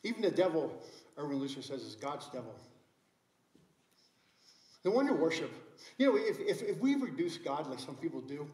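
Earnest middle-aged pastor in echoey room. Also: male voice, on the high side, very animated, normal speed, pauses often, a little mellow. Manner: earnest storytelling with many restarts. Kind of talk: sermon. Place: church sanctuary.

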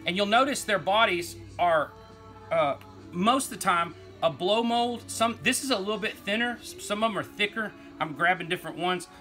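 A man's voice: sits high, bright, forceful tone. A man with an East Texas accent, hosting a toy collecting vlog in a folksy, rambling way. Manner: rambling, folksy, says y'all, laughs easily. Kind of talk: casual rambling toy talk.

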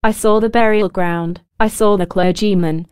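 A woman reading as a grave army officer with second sight, his words slow, low and firm, his telling of a dread vision smooth and clear in a dry, close audiobook sound. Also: fairly even intonation, a little mellow, dry recording, close to an everyday voice.

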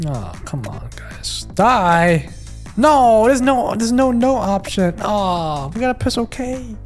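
A gaming YouTuber commentating a let's play, reacting excitably with frequent swearing and stammered restarts. He talks at an unhurried, drawn-out pace, with game music faint in the background. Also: mid-range voice.

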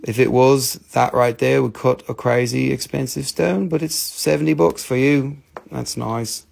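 A man's voice: mid-range voice, steady tone, measured pace, gravelly, darkish tone, slight background noise. A man hosting a casual live-stream crystal sale, joking and swearing freely as he shows the stones.

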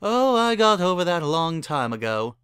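A man's voice: high-pitched, very animated, normal speed, fairly bright tone, clear, resonant tone, no room sound, studio quality, voice pushed up. A man voicing an older male aristocrat pony with grand, formal phrasing, in a dramatic story reading. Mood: genial.

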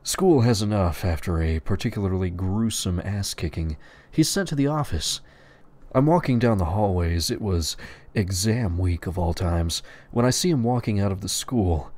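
A man reading crude, profane stories aloud in a deadpan narrating voice. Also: sits low, moderate pace. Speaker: storyteller.

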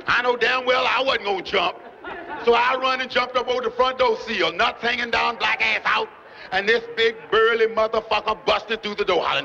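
A man's voice: sits high, brisk, gravelly, bright, forceful tone, dull audio. A man telling a profane, boastful stand-up story on a club stage and acting out every character. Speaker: stand-up comedian. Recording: noisy live comedy recording.

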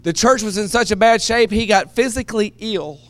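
A man preaching a sermon, moving between quiet, low asides and loud, shouted passages. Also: fairly quick, no room sound. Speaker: pastor.

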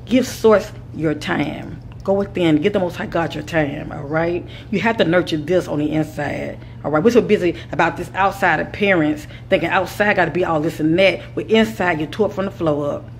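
A woman's voice: on the low side, moderate pace, hardly any pauses, slight background noise. A woman giving a spiritual advice monologue, speaking with a repetitive, preacher-like cadence and calling her listeners kings and queens. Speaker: spiritual teacher.

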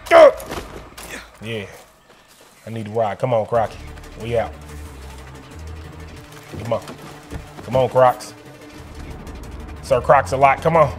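A man giving excited, slangy commentary while he plays a video game and talks back to it. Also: mid-range voice, slow, long pauses, faint music behind. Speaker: gaming streamer.

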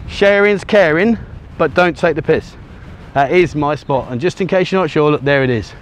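A man with a slightly raised pitch chats his way along an outdoor beach, holding the camera himself. His talk wanders, packed with ums and uhs, and he is a little short of breath from walking on the sand. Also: normal speed, slight background noise. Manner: rambling, chatty, many ums and uhs. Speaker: travel vlogger. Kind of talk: casual walking vlog to camera. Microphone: handheld camera he turns around.

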